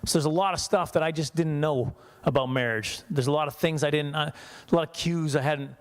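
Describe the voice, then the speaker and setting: A man's voice: on the high side, fairly quick. A man in his forties from Saskatchewan doing a chatty, self-mocking stand-up comedy set, laughing at his own jokes. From Saskatchewan, Canada. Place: church hall.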